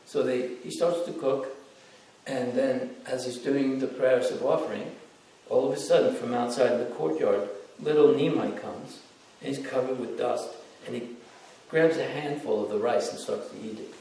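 A man giving a devotional storytelling lecture, animated and acting out voices from the stories, in a temple hall. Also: mid-range voice, moderate pace, a little hiss or hum. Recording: echoey hall, distant mic.

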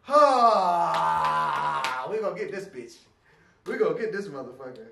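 A gamer rants through a co-op horror session, loud and profane, quick to flare up and laugh. The voice swings widely in pitch. It sits far from the mic in a roomy space, with clear noise behind. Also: sing-song. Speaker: gamer playing co-op. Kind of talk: casual gaming commentary. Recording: distant mic in an echoey room with loud ambience.

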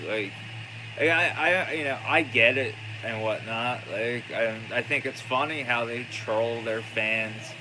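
A man's voice: medium pitch, unhurried, background noise. A man hosting a vlog in casual chat, rambling and loose with lots of filler words. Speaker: vlog host.

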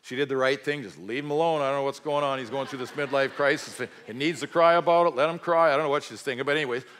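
A man's voice: mid-range voice, fast, fairly bright tone, a little hiss or hum. A middle-aged man giving a personal testimony sermon in a church, telling his story earnestly with folksy asides. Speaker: guest speaker.

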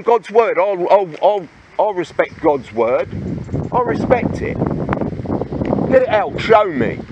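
A man giving an angry confrontational harangue outdoors as a street protester, badgering his listeners with repeated challenges. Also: extremely high pitch. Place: outdoors by the sea.

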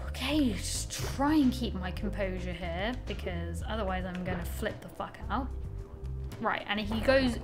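A woman's voice: medium pitch, lively intonation, a little slow, over music. A young woman giving casual gameplay commentary, exasperated, swearing often and talking to herself. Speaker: gaming channel host.

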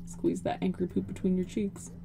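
A woman's voice: lowish voice, monotone, moderate pace, noisy background. A young woman giving casual, profane, joking commentary over a life-simulation game and talking to her character. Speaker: gaming video host.

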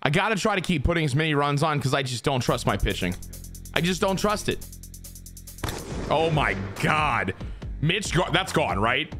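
Excitable, swearing young gaming streamer man. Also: fairly high pitch, moderate pace, long pauses, soft background music. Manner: excitable, swearing, talks to himself and his viewers. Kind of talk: live gameplay commentary.

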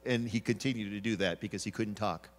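Preaching in a church sanctuary with the sound of a large hall, this man has a lowish, steady voice and a brisk pace. His sermon is built on stories, and he acts out the voices of the people he describes.

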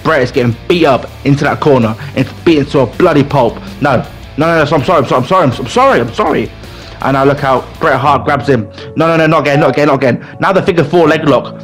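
A man narrating a wrestling video game like a ringside announcer, excitable and playful, his voice jumping up when a match turns against him. He talks at an ordinary middle pitch with faint music behind him. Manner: excitable, mock wrestling-announcer play-by-play, bursts into pleading. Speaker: gaming channel host. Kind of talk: excited let's-play commentary.

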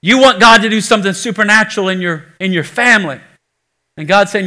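Bright-voiced high pastor preaching. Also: male voice, brisk, soft background music. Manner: swings between loud exhortation and hushed, intimate pleading; acts out quoted voices in everyday speech. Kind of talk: sermon. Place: church sanctuary.

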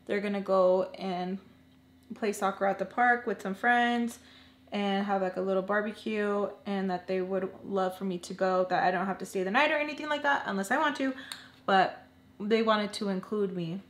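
A woman's voice: medium pitch, fairly even intonation, moderate pace, reverberant. A young woman telling an emotional personal story in a casual, earnest way, filling her talk with lots of "like"s. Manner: chatty, filler-heavy with many "like"s.

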